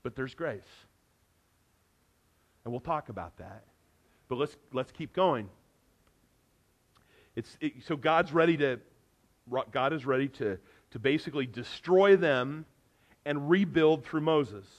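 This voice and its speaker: A middle-aged male pastor delivering a sermon with a slightly raised pitch. He talks to the congregation in an earnest, conversational way. His voice drops to hushed asides and rises to emphatic peaks. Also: slow pace, long pauses. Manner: earnest, conversational preaching with wide swings in loudness. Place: church sanctuary.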